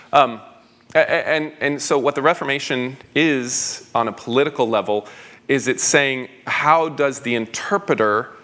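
A man's voice: medium pitch, a bit bright. A man, a pastor, answering audience questions at a conference in an eager, rambling way with frequent stammered restarts.

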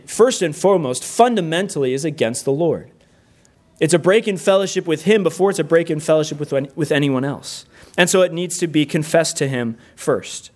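A man's voice: fairly high pitch, darkish tone. A middle-aged man preaching a sermon, earnest and plainspoken, with rhetorical questions. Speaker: pastor.

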